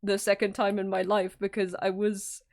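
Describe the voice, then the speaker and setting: A woman's voice: medium pitch, moderate pace, creaky. A woman streamer telling a story in a casual, exasperated way, acting out the people involved with some swearing. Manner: exasperated, animated retelling with acted-out quotes and swearing.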